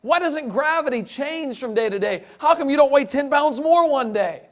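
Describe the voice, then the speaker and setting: A man's voice: extremely high pitch, moderate pace. A man giving a humorous talk to a live audience, full of jokes and playful asides. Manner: joking, animated, playful asides. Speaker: creationist speaker.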